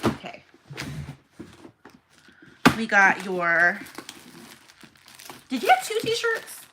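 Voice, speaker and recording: Packing orders at home, a young woman who runs a small shop chats casually with live-stream viewers, talking freely as she works. Her medium-pitched voice swoops wildly and moves extremely slowly, and the audio is very noisy.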